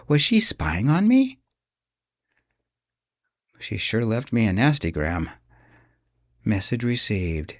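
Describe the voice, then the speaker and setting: A man narrating a first-person romance audiobook in an expressive, dramatic way. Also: lowish voice, no room sound, studio quality.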